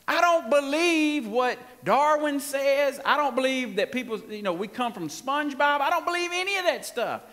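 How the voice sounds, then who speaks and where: A man's voice: very high voice, expressive, normal speed, hardly any pauses, fairly bright tone. A man preaching a sermon as pastor, folksy and emphatic, drawing responses from the congregation. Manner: folksy, emphatic, with frequent laughs and call-and-response. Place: church sanctuary. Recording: long hall reverb in a church.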